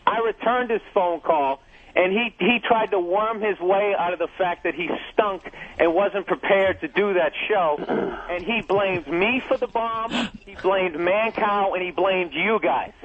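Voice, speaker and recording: A man's voice: high voice, measured pace. A man comedian ranting profanely and defensively in a heated on-air argument, heard over a tinny phone line. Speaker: comedian guest.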